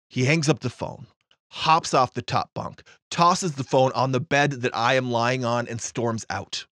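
A man narrating a personal story with dry understatement, in a matter-of-fact tone. His voice sits in a middle pitch and sounds close and dry, with no room around it. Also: moderate pace, a bit bright, dry recording.

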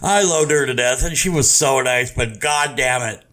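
A man hosting a casual podcast, swearing freely as he tells stories. His voice sits at a middling pitch, and he swings into lively outbursts when he acts out the people in his stories. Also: normal speed. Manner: profane, storytelling, animated. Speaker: podcast host. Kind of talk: casual chat.

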